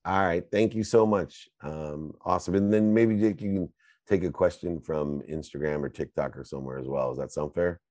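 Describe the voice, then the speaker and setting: A middle-aged man hosting a live Q&A, answering questions in a fervent, preachy way that swings between loud bursts and quiet asides. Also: deep voice, moderate pace, no room sound, studio quality. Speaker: host and coach. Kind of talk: motivational Q&A answers.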